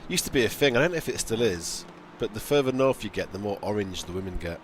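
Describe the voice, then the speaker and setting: A man's voice: fairly low pitch, expressive, quick pace, a little hiss or hum. A man hosting a live sim racing stream, talking in loose, joking banter that trails off mid-sentence and often breaks into laughter. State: just woken up. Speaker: stream host and sim racer.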